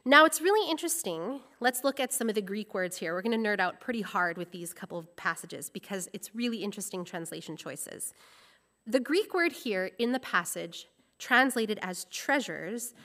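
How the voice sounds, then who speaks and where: A woman's voice: medium pitch, expressive, normal speed, fairly bright tone. A woman preaching a sermon, explaining scripture in a teaching tone and going into word meanings with enthusiasm.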